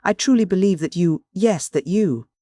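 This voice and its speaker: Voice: mid-range voice, expressive, mellow, dry recording, studio quality, voice pushed up, close to an everyday voice. A reader putting on a fiery Peruvian noblewoman. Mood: scornful fury. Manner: fierce, rapid tirade.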